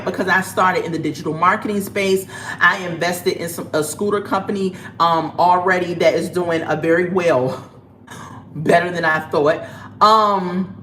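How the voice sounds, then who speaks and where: A woman chatting casually on a livestream as she sells jewelry, telling her stories in an animated way. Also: fairly low pitch. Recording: roomy echo, faint background noise.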